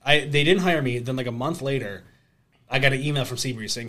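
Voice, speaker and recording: Fast-talking young man telling stories. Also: medium pitch. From Rochester, New York area. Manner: animated storyteller, fast and chatty. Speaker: podcast co-host. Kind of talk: casual chat. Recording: faint background noise.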